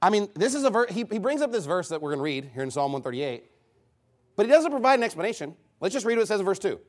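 A man's voice: sits high, sing-song, quick pace. A man preaching a heated, combative sermon, scornful of his opponents.

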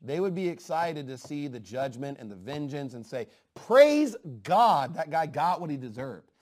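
A man preaching a fiery sermon, swinging from low asides to loud, emphatic outbursts. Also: moderate pace. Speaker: pastor.

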